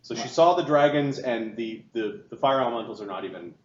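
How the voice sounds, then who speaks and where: A man running a tabletop game as game master, giving quick rulings and describing the scene with many restarts. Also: medium pitch. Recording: roomy, slightly dull audio with faint room noise.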